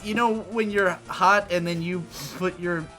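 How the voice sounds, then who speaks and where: High, bright-voiced man ranting. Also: unhurried, faint music behind. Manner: rambling, animated ranting. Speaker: co-host of a gaming channel. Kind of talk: casual chat over gameplay.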